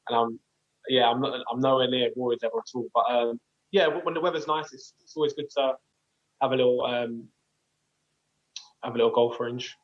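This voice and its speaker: A man's voice: mid-range voice, fairly quick, pauses often. Modest young man on dull audio. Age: 20s. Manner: relaxed, modest, hesitant with restarts. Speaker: professional footballer. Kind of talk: casual interview answers.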